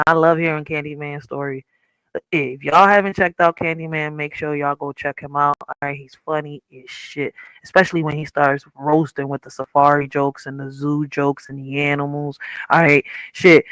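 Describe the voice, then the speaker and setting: Bright, laughing woman telling a profane story. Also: medium pitch, clear, resonant tone, dry recording, rough recording. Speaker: livestream host. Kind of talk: casual livestream chat. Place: at home, sitting on a chair. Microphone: wearing headphones.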